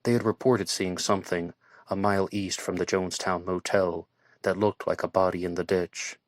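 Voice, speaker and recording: Deep-voiced man narrating an audiobook. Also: steady tone, normal speed, dry recording, clean studio sound.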